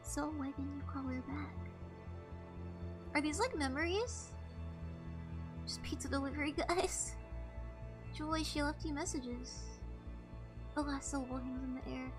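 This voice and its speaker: A woman's voice: high-pitched, a little slow, pauses often, music in the background. A woman reading aloud the lines of a male taxi passenger who taunts the driver with needling, teasing questions.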